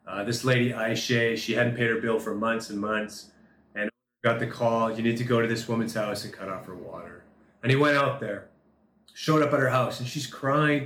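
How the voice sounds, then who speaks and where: A man's voice: medium pitch, fairly bright tone. Earnest preaching man, roomy echo. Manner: earnest, retells dialogue with shifting emphasis. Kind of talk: sermon with storytelling. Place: Turkey.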